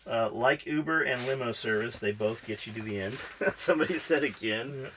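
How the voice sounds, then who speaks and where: A man co-hosting a loose podcast, his voice bright and tense. He swears freely and jokes while reading out listener comments. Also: medium pitch, moderate pace, a little hiss or hum. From Pennsylvania. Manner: profane, joking, reads listener comments. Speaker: podcast co-host. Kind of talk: casual chat.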